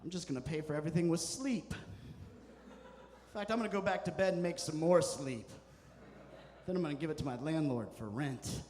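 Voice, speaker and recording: A male stand-up comedian tells stories in a deadpan way, hitting his punchlines hard. His voice sits a little high. The handheld mic picks him up in a club with a long, ringing reverb. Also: normal speed, pauses often. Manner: deadpan storytelling with punchy asides.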